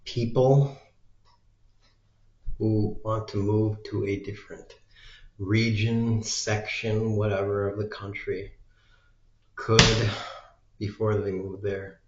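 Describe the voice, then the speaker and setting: An American man musing aloud in a slow, meandering solo monologue, trailing off into fillers. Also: on the low side, level tone, darkish tone. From United States. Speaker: vlogger. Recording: dull lo-fi sound in an echoey room.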